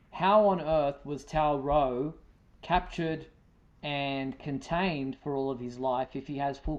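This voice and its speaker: A man's voice: medium pitch, muffled recording. A man with a New Zealand accent hosting a live fan chat show, talking casually with plenty of fillers and restarts. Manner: talkative, lots of fillers and restarts. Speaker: podcast host.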